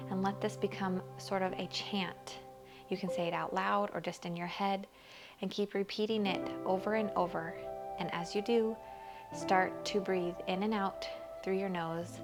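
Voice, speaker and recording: A woman teaching a guided yoga class, speaking slowly and soothingly and sinking to near whispers on repeated affirmations. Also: mid-range voice, fairly even intonation. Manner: slow, soothing guidance, dropping to near whispers on chanted affirmations. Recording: music playing behind the voice.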